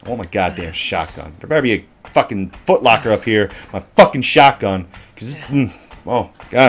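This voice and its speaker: A man's voice: lowish voice, lively intonation, normal speed, slightly rough. A man commenting on his own horror game play, cursing angrily and talking back at the game. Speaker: gaming video host. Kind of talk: profane let's-play commentary.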